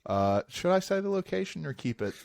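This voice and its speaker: A young man co-hosting a podcast, telling stories in a casual, animated way and laughing easily. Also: sits high, fairly quick, gravelly. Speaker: podcast co-host. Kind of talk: casual chat.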